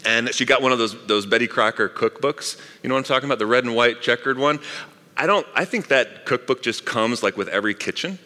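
A man's voice: mid-range voice, a little fast, pushed and bright. A middle-aged man, a pastor, preaching a sermon in a chatty way, with asides to the congregation. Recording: long reverb of a large hall.

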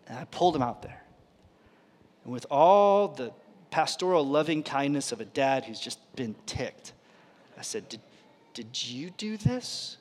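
Storytelling pastor in a reverberant hall. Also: male voice, fairly high pitch. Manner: storytelling, dropping to a hush for quoted lines. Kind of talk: sermon. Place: church auditorium.

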